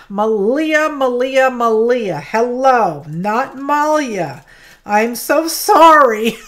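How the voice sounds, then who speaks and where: A woman's voice: a little high, fairly bright tone. A woman hosting a live craft stream, chatting casually while she works and greeting viewers by name. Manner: chatty, greets viewers by name, apologetic about mispronouncing names. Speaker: craft livestream host. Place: home craft studio.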